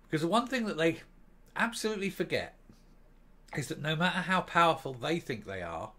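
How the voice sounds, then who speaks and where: A man ranting through a commentary monologue with open scorn and sarcasm. His voice sits fairly high and swings widely, bright and cutting in tone. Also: very animated, fairly quick. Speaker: commentary vlogger.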